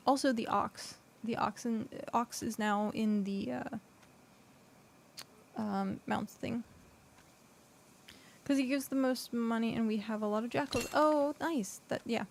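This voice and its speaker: Slow, gravelly-voiced woman streamer. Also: a little high, a little mellow. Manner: rambling, filler-heavy, thinking aloud. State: hiccuping. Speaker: game streamer. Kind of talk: casual gameplay chat.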